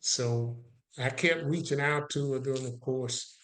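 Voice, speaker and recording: A man's voice: mid-range voice, measured pace, echoey room. A man telling a personal story as a guest on an interview podcast, acting out both sides of the conversation. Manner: animated storyteller who acts out both sides of a dialogue.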